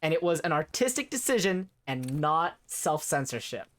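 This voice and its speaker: A woman's voice: low-pitched, very animated, moderate pace. A woman streamer casually commenting on a game with dry, offhand reactions.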